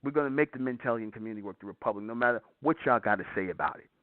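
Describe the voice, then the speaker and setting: A man's voice: mid-range voice, rapid-fire, dry recording. A man hosting a call-in show, lecturing his listeners in an emphatic, repetitive way. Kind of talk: preachy call-in monologue. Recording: tinny phone-like line.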